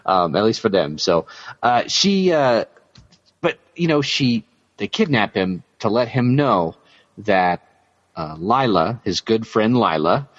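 Brief: male co-host, lowish voice, giggly and rambling, muffled lo-fi sound. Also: sing-song, slow. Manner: laughs often, rambling with fillers. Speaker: podcast co-host. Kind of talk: casual podcast chat. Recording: dull lo-fi audio.

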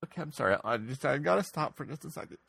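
A man's voice: medium pitch, animated, racing, gravelly, a bit bright, breathy edge, no echo. Male podcast host, dry close sound, loose and playful, stumbles and restarts a lot. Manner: playful, rambling with repeated restarts. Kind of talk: casual podcast chat.

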